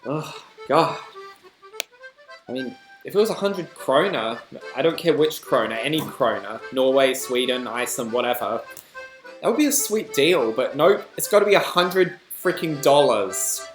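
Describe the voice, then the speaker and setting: A man's voice: medium pitch, animated, normal speed, faint music behind. A man with an Australian accent, hosting a reaction video with chatty, rambling commentary and self-deprecating asides. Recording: echoey room.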